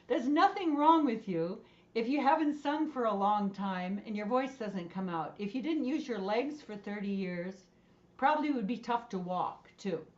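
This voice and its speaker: A woman's voice: fairly high pitch, expressive, moderate pace, darkish tone, highs cut off. A woman voice and choir instructor leading an online movement and singing class in a playful, encouraging way over a video call.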